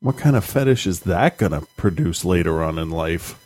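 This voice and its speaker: A man's voice: sits low, animated, normal speed, a little mellow. A man in his thirties talking casually as a podcast co-host and father, blunt and swearing, laughing at himself. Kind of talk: casual chat.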